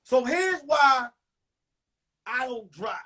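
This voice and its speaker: A comedian tells a blunt, profane story. His voice is unusually high for a man and husky. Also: animated, extremely slow, pushed and bright. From New York. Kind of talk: stand-up storytelling.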